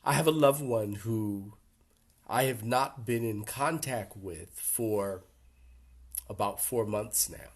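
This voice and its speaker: An older man speaking earnestly to a support group in a reflective workshop talk, gently emotional, with pauses. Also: on the low side.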